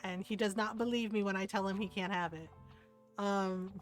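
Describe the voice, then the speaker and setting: A woman's voice: mid-range voice, steady tone, normal speed, soft background music. A woman streamer chatting casually while gaming, laughing often and swearing lightly.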